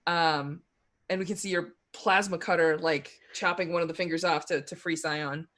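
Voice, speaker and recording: A game master narrating a tabletop role-playing game, talking in halting bursts with frequent restarts and little laughs. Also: mid-range voice, steady tone, a bit bright.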